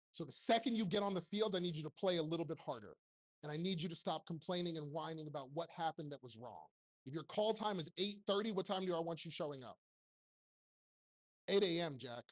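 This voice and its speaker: A man in his forties giving a blunt, joking motivational talk on stage to a live audience, speaking into a handheld microphone and firing off rhetorical questions. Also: high-pitched. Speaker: keynote speaker and TV producer.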